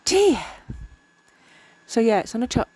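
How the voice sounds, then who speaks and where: A woman's voice: on the low side, normal speed, a little mellow, dry recording. A tired woman chatting casually while crafting, rambling and often tripping over her words. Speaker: miniature crafter. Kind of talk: casual crafting vlog narration.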